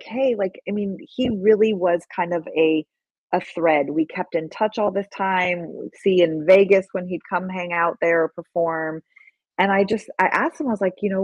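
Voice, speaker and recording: A woman filmmaker being interviewed, telling a story with excitement and acting out the lines people said to her. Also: medium pitch, no room sound, lo-fi sound. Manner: excitable, acts out quoted dialogue. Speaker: guest filmmaker. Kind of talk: animated storytelling in conversation.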